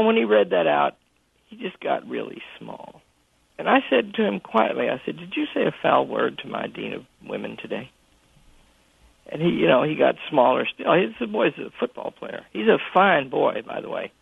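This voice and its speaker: A man who is a college president, telling a story with halting restarts during a phone interview. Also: a little high, gravelly, breathy edge, dry recording. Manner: anecdotal, halting with frequent restarts. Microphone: telephone. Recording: tinny dry phone line.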